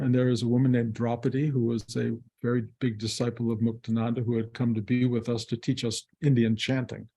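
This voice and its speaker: A man's voice: medium pitch, mellow, husky. A man, a spiritual teacher, telling a story to his community in a reflective, conversational way with wry, self-mocking humor.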